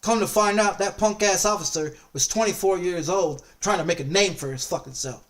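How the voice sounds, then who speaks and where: A man's voice: sits high, brisk, distant mic. A man streaming a casual chat, telling a story in an angry, profane way and repeating himself often. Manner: angry, profane, heavily repetitive.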